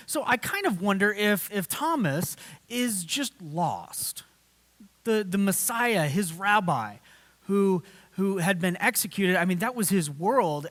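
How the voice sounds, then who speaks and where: A man's voice: high voice, a bit bright. A man, a pastor, giving a conversational sermon, acting out quotes from the story. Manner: conversational, with fillers and acted-out quotes. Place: church. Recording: long church reverb.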